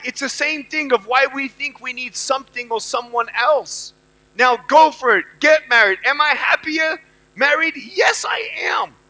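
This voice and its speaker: A man in his thirties delivers an inspirational speech, his voice very high for a man and sharply bright. He repeats key lines and urges the audience on. He moves between loud, punchy bursts and quiet storytelling. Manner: emphatic, repeats lines and rallies the crowd. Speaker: motivational speaker.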